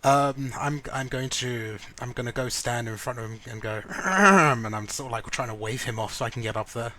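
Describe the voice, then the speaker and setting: A man's voice: medium pitch, moderate pace, pushed and bright. A man playing a tabletop game over a voice call, describing his moves with stammering restarts. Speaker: player. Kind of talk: casual tabletop game play.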